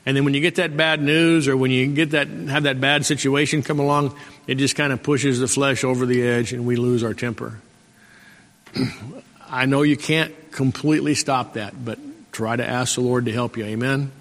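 A man's voice: medium pitch, steady tone, moderate pace, fairly bright tone. A middle-aged male pastor preaching a folksy sermon and calling out for amens from the congregation. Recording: long hall reverb.

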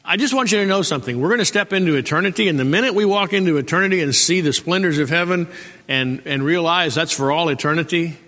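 A man's voice: a little high, quick pace, sharp tone. A middle-aged male pastor preaching a folksy sermon and calling out for amens from the congregation. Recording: long hall reverb.

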